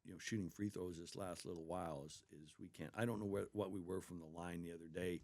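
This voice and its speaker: A basketball coach with a fairly low voice gives a casual interview. He sounds earnest and eager, and he keeps drifting into stories about his players. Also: steady tone, quick pace, a little mellow.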